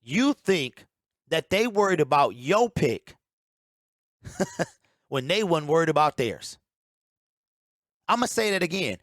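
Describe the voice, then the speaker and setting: Emphatic man, sports commentary, ranting tone, somewhat high voice, dry close sound. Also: sing-song, slow pace, pauses often, dry recording. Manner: emphatic, ranting, repeats key points. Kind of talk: opinionated sports talk.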